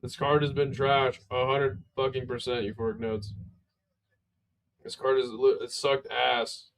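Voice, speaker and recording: A tired, sleepy man giving casual, profane play-by-play commentary on a live fight stream, relaxed and laid-back. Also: medium pitch, a little slow, gravelly.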